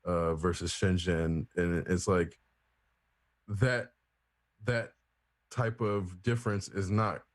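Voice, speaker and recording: A man with a very low voice thinks out loud in a relaxed podcast chat. He circles his points with fillers and self-corrections, and the sound is close and dry. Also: slow, pauses often, no room sound. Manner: thoughtful, hesitant, many fillers and restarts. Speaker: podcast co-host. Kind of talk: casual discussion.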